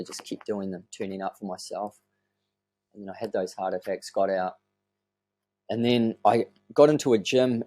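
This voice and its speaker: A man, telling his story as a podcast guest in an earnest, animated way and swearing casually. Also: lowish voice. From New Zealand.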